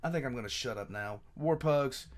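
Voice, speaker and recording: A man's voice: medium pitch, fairly quick. A man hosting a reaction video in casual commentary, rambling and repeating words as he searches for them, earnest and frustrated.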